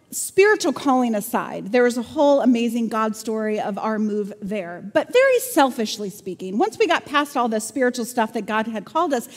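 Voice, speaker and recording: A woman preaches with a bright, high voice, telling stories with playful, sarcastic humor. Her sermon rings out in a large church hall, and a long reverb trails each phrase. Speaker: pastor.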